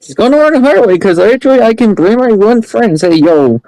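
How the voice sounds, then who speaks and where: A man's voice: extremely high pitch, expressive, quick pace, a little mellow, dry recording, rough recording. A man streamer ranting heatedly on his livestream, repeating himself and restarting sentences.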